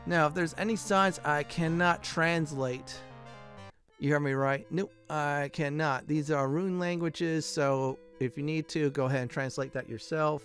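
A man's voice: a little high, steady tone, a little slow, a bit bright, faint music behind. Casual man hosting a game playthrough. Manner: casual, rambling, many fillers. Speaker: gaming channel host. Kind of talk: let's play commentary.

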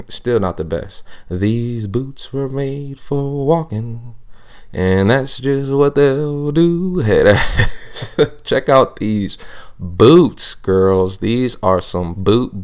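A man doing a comedic voiceover as his young wife, playing a sassy fashion vlogger who shows off her outfits in a playful, boastful, teasing way. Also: on the low side.

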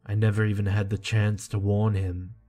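A man reading a creepy first-person horror story in a slow, hushed and tense way. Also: fairly low pitch, flat delivery. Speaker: narrator. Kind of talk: scripted horror narration. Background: soft music.

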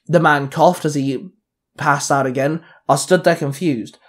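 A man's voice: on the high side, unhurried, fairly bright tone. A man narrating a first-person fan fiction story aloud in a plain storytelling manner.

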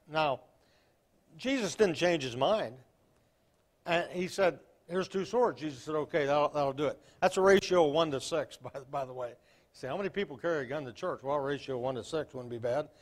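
An older man preaching a folksy Baptist sermon, telling stories and reading King James verses with emphasis. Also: on the high side.

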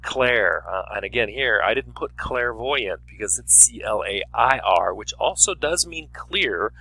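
A man's voice: mid-range voice, lively intonation, unhurried, bright, forceful tone, no room sound. A man teaching a writing lesson in a chatty, explaining way. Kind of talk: classroom video lesson.

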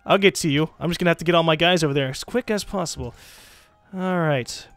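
A young man giving casual, excitable commentary while playing a strategy game, swearing and teasing the computer opponents. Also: fairly high pitch, very fast, no room sound. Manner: excitable, swears, mocks game leaders in put-on voices. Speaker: let's play gamer.

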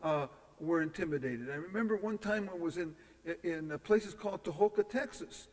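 A man's voice: on the high side, moderate pace. A man from California gives a public lecture in a university hall. He tells stories and asks his audience rhetorical questions. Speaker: guest speaker. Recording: long echo in a lecture hall.

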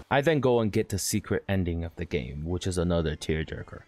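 A man's voice: low voice, lively intonation, fairly quick, a little mellow, faint music behind. A man hosting a gaming channel, casually narrating a game walkthrough in a chatty, upbeat way.

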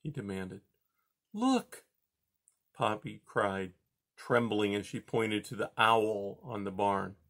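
A man calmly reading a children's novel aloud, chapter by chapter. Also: fairly low pitch, a little slow. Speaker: audiobook reader.

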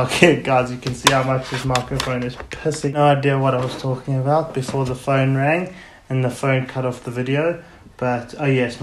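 A man's voice: mid-range voice, a little hiss or hum. A man hosting a podcast alone, rambling in a blunt, casual way and swearing freely. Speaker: podcast host. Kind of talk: casual solo podcast chat. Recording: echoey room.

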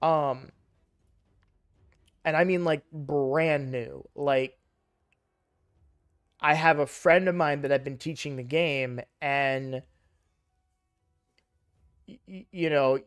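A young man casually commenting on a mobile game he plays, rambling and correcting himself, louder and livelier when excited. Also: fairly high pitch, takes it slowly, long pauses, smooth. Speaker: gaming YouTuber.

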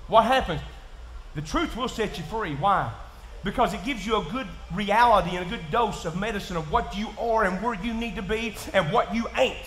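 A man with a Kentucky accent preaching in church, folksy and plain-spoken, dropping to quiet asides and rising to shouts. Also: sits high, moderate pace, a little hiss or hum. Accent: Southern US, Kentucky. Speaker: pastor. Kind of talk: sermon. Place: church sanctuary. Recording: echoey church room.

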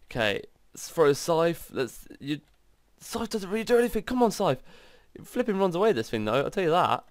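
A man commenting on his video game play in an excitable, exclaiming way. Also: a little high, fairly quick, no echo. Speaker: gaming channel host. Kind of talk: gameplay commentary.

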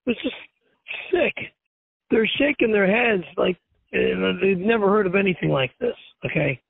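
A man's voice: high voice, expressive, normal speed, vocal fry. A man ranting angrily and profanely in a vlog, telling a story outside a courthouse. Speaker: internet show host. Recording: tinny dry phone-like recording.

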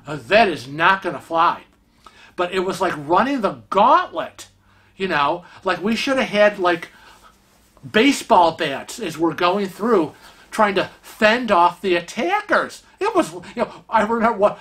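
A middle-aged man, a vlog host, casually telling a travel story and acting out the people in it. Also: high-pitched. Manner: animated, acts out quoted voices.

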